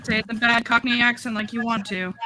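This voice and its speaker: A woman's voice: a little high, steady tone, quick pace, bright, forceful tone, a little hiss or hum, poor audio. A woman player in a streamed tabletop game, chatting casually with blunt, joking asides.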